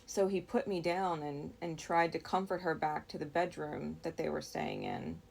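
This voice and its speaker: Low, gravelly woman for a dream-story read: unhurried, reflective, halting. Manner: slow, reflective, with frequent pauses and restarts. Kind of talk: recounting a dream.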